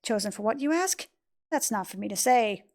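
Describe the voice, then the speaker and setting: A woman voicing a mysterious, calm young boy from a game cutscene, speaking in a soft, measured, cryptic way. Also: fairly high pitch. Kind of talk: reading game cutscene lines aloud.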